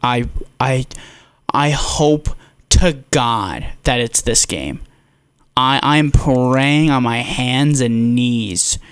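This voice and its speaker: A man's voice: mid-range voice, drawn-out words, clean tone, no room sound. A young man co-hosting a casual sports podcast, rambling, laughing a lot and swearing freely. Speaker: podcast co-host.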